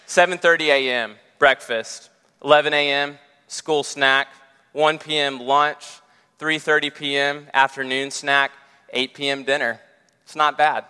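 A man's voice: medium pitch, pushed and bright, smooth, long reverb tail. A man preaching a sermon as a pastor, with earnest, rising and falling emphasis.

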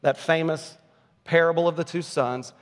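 A man's voice: on the high side, steady tone, moderate pace, long reverb tail. A man preaching a sermon as a pastor, earnest and emphatic, often posing rhetorical questions.

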